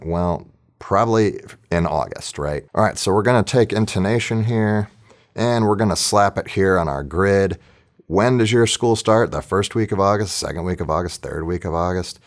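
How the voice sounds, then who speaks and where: A man teaching orchestra planning in a casual, chatty screen-recorded tutorial, thinking aloud as he works. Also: deep voice.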